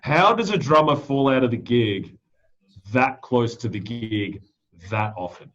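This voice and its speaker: A man's voice: mid-range voice, lively intonation, a little slow, fairly bright tone, dull audio. A man, a drummer, in a casual chat who agrees readily and laughs often while telling his own stories.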